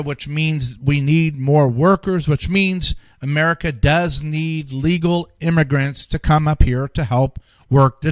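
A man talks through a political news article in a loose, off-the-cuff way, restarting sentences and repeating himself as he goes. His voice sits somewhat high for a man. The sound is close and dry, with no room reverb. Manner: rambling, restarts often, repeats words. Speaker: political commentary host. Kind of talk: casual news commentary.

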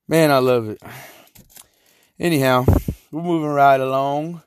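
A young man riffing alone on his podcast, loose, slangy and profane, wandering from one thought to the next. His voice sits in an ordinary middle pitch for a man. The sound is close and dry, with no room echo. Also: fairly even intonation, measured pace, smooth. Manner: profane, joking, slangy and rambling. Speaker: podcast host. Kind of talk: casual solo podcast monologue.

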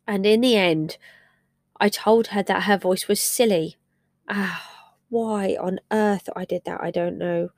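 A woman's voice: medium pitch, steady tone, measured pace, dry recording, clean studio sound. A middle-aged woman hosting a personal podcast, telling a story about her family in a candid, emotional, reflective way. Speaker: podcast host and parent.

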